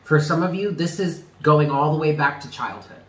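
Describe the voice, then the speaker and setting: A man's voice: on the high side, normal speed, a bit bright, reverberant, low-quality recording. A man giving a tarot reading, speaking earnestly and stressing points by repeating them. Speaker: tarot reader.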